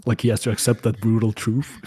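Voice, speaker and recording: A man with a lowish, mellow voice, telling laid-back stories in casual podcast banter. His delivery is relaxed and crude. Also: brisk, husky. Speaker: podcast co-host.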